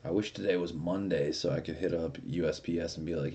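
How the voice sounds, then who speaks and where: A man's voice: deep voice, steady tone, fast, hardly any pauses, dark tone, slightly rough, highs cut off. A young man streaming, chatting casually and rambling with lots of swearing and laughter. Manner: rambling, profane, laughs often. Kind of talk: casual live-stream chat.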